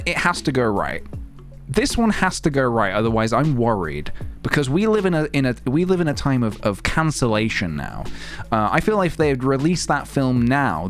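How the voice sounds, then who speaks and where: A man streaming late at night in casual, rambling, wry chat. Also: medium pitch. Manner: rambling, wry, self-mocking.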